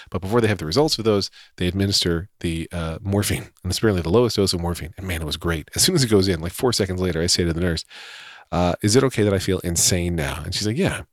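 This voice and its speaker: A man's voice: sits low, fast talker, no room sound, studio quality. A man casually telling a personal story in a wry, self-deprecating way, chuckling often.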